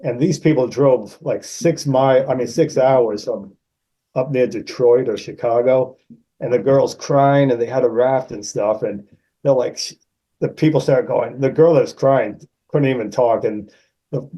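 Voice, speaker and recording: A man in his sixties from Massachusetts, a guest actor telling animated anecdotes and acting out the people in them. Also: unhurried, rough recording. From Massachusetts, USA. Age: 60s. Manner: animated anecdotes, raises pitch to act out quoted people. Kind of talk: casual storytelling.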